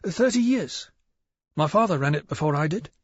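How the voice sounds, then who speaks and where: Man doing a hoarse, jittery village shopkeeper. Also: fairly high pitch, expressive, normal speed, no echo, highs cut off, pitched above the performer's own voice. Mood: nervous. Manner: nervous, hesitant, stammering. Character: nervous hoarse male village shopkeeper, middle-aged. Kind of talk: audiobook character voice.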